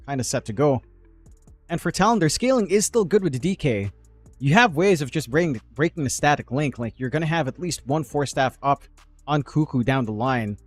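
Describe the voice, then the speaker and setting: A man's voice: medium pitch, no echo. A man casting a live video game match, breaking down lanes and items in a chatty, analytical way and joking with his co-caster. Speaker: esports caster. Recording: music in the background.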